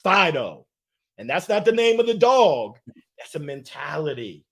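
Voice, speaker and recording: A middle-aged man with a fairly high voice tells stories with lots of energy. His pitch jumps around a great deal as he acts out the other people in his stories, in an animated, engaging way. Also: a little slow, vocal fry, slightly rough. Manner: lively, acts out voices in anecdotes. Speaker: guest. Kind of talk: animated storytelling.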